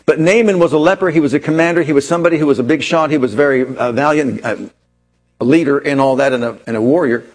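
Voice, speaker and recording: A man preaching a sermon, retelling a scripture story dramatically and asking rhetorical questions. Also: a little high. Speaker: pastor.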